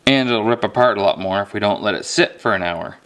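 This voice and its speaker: A man's voice: lowish voice, fast, a bit bright. Joking man cooking in an echoey kitchen. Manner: joking, self-mocking, rambling. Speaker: outdoor cooking show host. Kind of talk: casual cooking demonstration.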